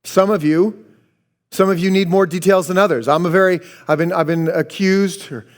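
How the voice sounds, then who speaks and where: Male pastor, sermon, fairly high voice, animated delivery, swings loud and soft. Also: normal speed. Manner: animated preaching, acts out quoted voices, drops low for emphasis.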